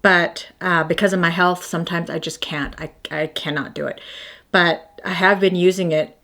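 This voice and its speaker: A woman's voice: on the low side, steady tone, moderate pace, pushed and bright. A woman in her fifties chatting casually through her morning skincare routine, rambling and self-deprecating as she shows each product. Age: 50s. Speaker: beauty vlogger.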